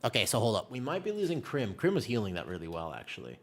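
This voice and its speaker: A man with a low voice chats loosely with his viewers while he streams a game. He tells stories in an animated way, and his pitch swings widely from line to line. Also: quick pace. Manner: animated storyteller chatting with viewers.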